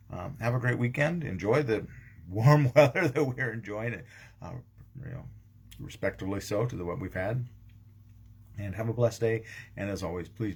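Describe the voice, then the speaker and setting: A man, a pastor, giving a casual daily devotional talk, rambling with frequent ums and restarts. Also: lowish voice. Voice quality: gravelly, husky.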